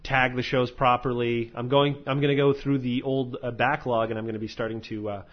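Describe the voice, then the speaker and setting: A man's voice: medium pitch, little pitch movement, a little fast. Rambling lo-fi podcast host, a man. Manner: rambling, filler-heavy, swears freely. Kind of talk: casual podcast chat. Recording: slightly dull lo-fi audio.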